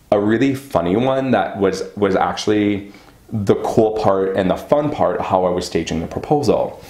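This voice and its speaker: Man, low-pitched, casual storytime vlog, profane, dramatic, echoey room. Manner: profane, animated and dramatic, acting out quotes. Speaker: vlogger telling a personal story. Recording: roomy echo.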